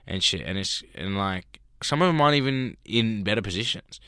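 A man's voice: lowish voice, lively intonation, fairly quick, sharp tone, clean tone, no echo, studio quality. A man who raps, telling rambling, profane stories in casual podcast chat and acting out what people said. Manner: profane, rambling storyteller who acts out quotes. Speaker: rapper guest.

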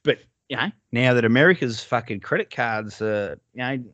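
A man's voice: medium pitch, expressive, normal speed, a bit bright, no echo, muffled recording. A man with an Australian accent, chatting casually on a podcast, swearing freely and rambling from one thing to the next. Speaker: podcast co-host. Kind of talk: casual chat.

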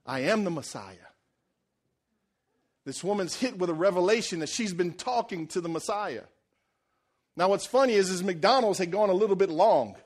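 A male pastor with a high voice preaching a sermon. He retells scripture as a lively story, full of casual modern paraphrase and asides to the congregation. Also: fairly quick.

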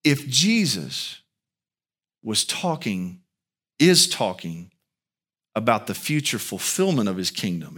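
A man preaching a sermon as pastor, emphatic, with rhetorical questions to the congregation. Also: breathy edge. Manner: animated preaching with big pitch swings, slow and emphatic.

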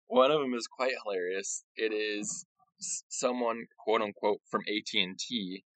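A man's voice: on the low side, fairly bright tone, no room sound, low-quality recording. A man co-hosting a casual podcast chat in a wry, sarcastic way. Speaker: podcast co-host.

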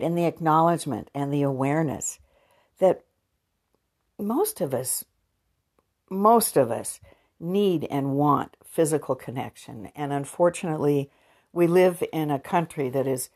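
A woman's voice: sits low, darkish tone, husky. A woman vlogger chatting candidly to her viewers in a frank, casual way, with sighs and laughs. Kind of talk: casual chat to camera.

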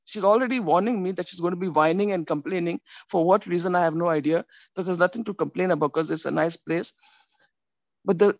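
A woman telling a personal faith story in a rambling, animated way, with many restarts. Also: mid-range voice, vocal fry, husky, dry recording. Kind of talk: personal testimony.

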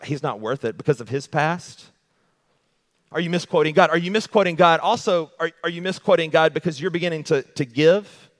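A male pastor preaching an animated sermon, repeating rhetorical questions to the congregation. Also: medium pitch. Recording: long hall reverb.

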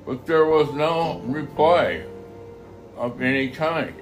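A man reading a Bible passage aloud, halting often to repeat and correct his phrases. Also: a little high, expressive, faint music behind. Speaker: scripture reader.

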